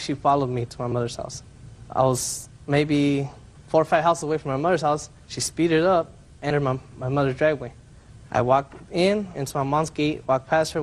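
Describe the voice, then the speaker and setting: Halting man defendant retelling events. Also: fairly high pitch, slight background noise. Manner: step-by-step retelling, halting restarts. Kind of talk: courtroom testimony.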